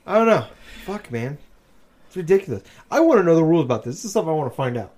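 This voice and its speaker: A man's voice: a little high, very animated, quick pace, darkish tone. A man in casual chat, rambling and crude with lots of swearing, tired and a bit delirious from overwork.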